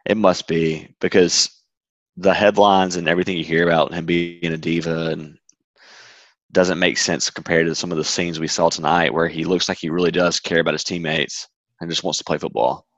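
A man co-hosting a casual sports podcast, offering measured opinions. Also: sits low, little pitch movement, a bit bright, no echo, dull audio. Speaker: podcast co-host.

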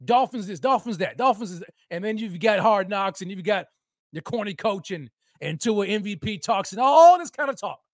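Male sports podcast host, high voice, dry close sound, mocking heated rant full of repeats. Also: lively intonation, normal speed, no room sound. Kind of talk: solo sports commentary rant.

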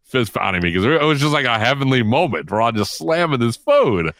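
A middle-aged man tells a story in a casual, animated way. He laughs as he talks and acts out the lines of the people in it. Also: medium pitch, a little fast, no room sound. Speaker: guest storyteller.

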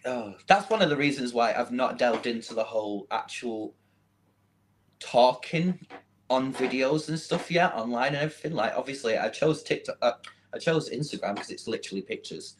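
A man with a Mancunian accent, chatting casually as an interview guest, self-deprecating and quick to laugh. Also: medium pitch, expressive, a little hiss or hum, poor audio. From England.

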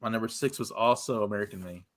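A man co-hosting a podcast in casual chat, laid-back, quick to laugh, and given to swearing. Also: fairly low pitch. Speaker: podcast co-host.

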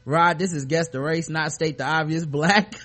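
A man's voice: on the high side, huge pitch swings, takes it slowly, bright, forceful tone. A male podcast host on a video call, chatting casually and joking, often laughing as he talks. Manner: jokey, laughs often while talking.

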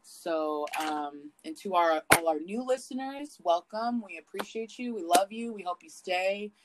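Woman podcast host, kinda low voice, swears a ton, gets really animated telling stories. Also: unhurried, very noisy. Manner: profane, animated storytelling with big swings in pitch. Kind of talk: casual podcast chat.

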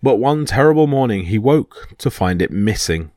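A man narrating mythology stories as a podcast storyteller, in a steady dramatic reading. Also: medium pitch, normal speed, dry recording, studio quality.

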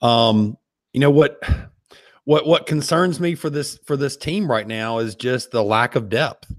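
A man's voice: medium pitch, unhurried, no echo, clean studio sound. Hesitant man analyzing football. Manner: hesitant, many fillers like "you know". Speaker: podcast co-host. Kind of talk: casual sports podcast analysis.

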